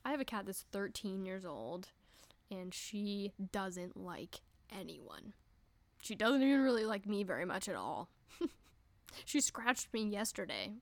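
A young woman hosting a casual solo podcast, chatty and giggly, swearing freely and breaking into quick voices. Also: mid-range voice, sing-song, vocal fry, no room sound. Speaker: podcast host.

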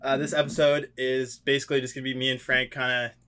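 A young man co-hosting a podcast, chatting in a relaxed, rambling way with plenty of fillers. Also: mid-range voice, quick pace, very noisy. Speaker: podcast co-host. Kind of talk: casual podcast chat.

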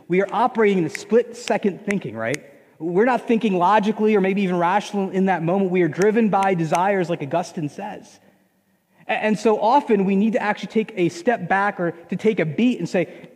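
A man's voice: sits high, darkish tone, long reverb tail. A man preaching a sermon as pastor, conversational, with frequent restarts and acted inner voices.

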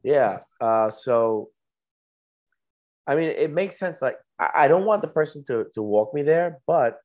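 A man's voice: mid-range voice, expressive, unhurried, a little mellow, dull audio. Laid-back man in casual podcast chat. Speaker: podcast co-host.

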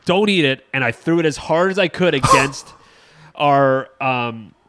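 A man's voice: medium pitch, a little slow, background noise. A man, a father and co-host, candidly telling a story about his kids in casual chat, laughing at himself.

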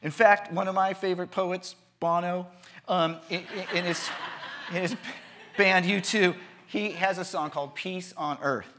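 A man's voice: high voice, steady tone, measured pace, a bit bright, a little hiss or hum. Conversational male pastor preaching. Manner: conversational, repeats words, acts out voices. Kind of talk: sermon. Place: church.

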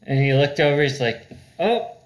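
A man's voice: mid-range voice, normal speed, fairly bright tone, poor audio. A man casually telling stories among friends, loose and laughing, peppered with "dude" and "like.". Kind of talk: casual storytelling chat.

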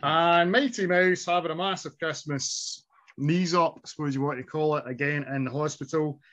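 A man's voice: on the high side, fairly even intonation, normal speed, fairly bright tone. Chatty middle-aged man, lo-fi. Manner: chatty, reminiscing, laughs often. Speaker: podcast host. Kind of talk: casual nostalgic chat.

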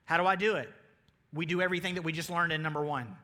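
A man with a Southern US accent preaching a sermon as pastor, energetic and calling out to his congregation. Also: on the high side, fast talker. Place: church sanctuary. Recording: long reverb of a large hall.

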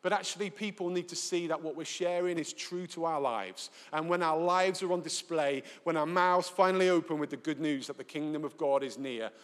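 A man with a Northern English accent preaches a live sermon, his higher-pitched voice trailing a long reverb through a large church hall. He tells stories with animation and acts out the dialogue in them. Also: fairly quick, few pauses. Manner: lively storytelling, acts out dialogue. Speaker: pastor. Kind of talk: sermon with anecdotes.

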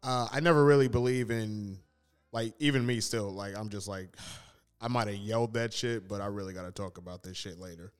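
A man co-hosting a podcast in casual chat, laid-back and profane, who mimics others in a high squeaky voice. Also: fairly quick, smooth. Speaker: podcast co-host.

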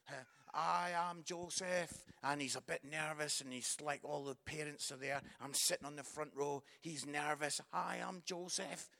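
A man preaching as a guest speaker in a church, telling stories with lively animation and sudden shouted bursts. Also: fairly high pitch. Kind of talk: storytelling sermon.

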